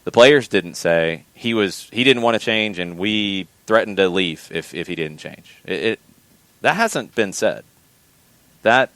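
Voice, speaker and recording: A man hosting a soccer podcast, giving measured, opinionated commentary and often repeating words as he thinks. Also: on the low side, vocal fry, a bit bright, dry recording.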